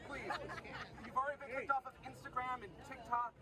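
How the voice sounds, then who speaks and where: Deadpan man, high voice, crowd behind. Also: quick pace. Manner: deadpan mock-earnest. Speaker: professional comedian. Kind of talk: satirical street trolling. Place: outdoor street protest. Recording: crowd noise outdoors. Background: protest crowd.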